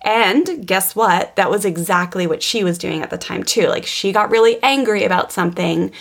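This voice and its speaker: A woman podcast co-host telling a personal parenting story in an earnest, animated way, with many restarts and fillers. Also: mid-range voice, normal speed, vocal fry. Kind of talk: personal storytelling in casual chat.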